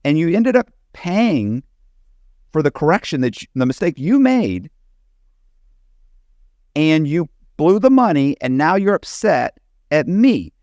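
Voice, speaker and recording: A man's voice: fairly high pitch, big pitch swings, unhurried, long pauses, darkish tone, dry recording, highs cut off. A man hosting a casual interview, talking animatedly and acting out other people's lines.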